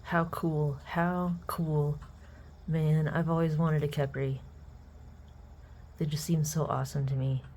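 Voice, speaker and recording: A woman chatting casually as she unboxes a collectible on her channel, excitable and sometimes dropping to soft murmurs. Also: low-pitched, slow pace, long pauses, a little hiss or hum. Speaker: unboxing vlogger.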